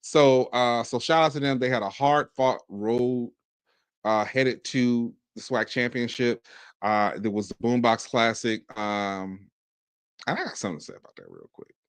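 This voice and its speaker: Animated man from Mississippi, dry close sound. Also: mid-range voice, measured pace, smooth, dry recording. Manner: animated, talks in bursts with restarts. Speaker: podcast host. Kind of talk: casual commentary.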